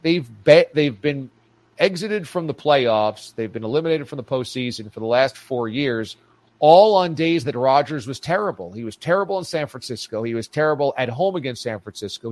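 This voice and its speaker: A man guesting on a sports talk show speaks with emphatic, punchy repetition at a middle pitch. His voice is dry and close, with no room sound around it. He keeps a casual, easygoing radio chat going. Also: expressive, brisk, a little mellow, no room sound. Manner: emphatic, repeats phrases for punch.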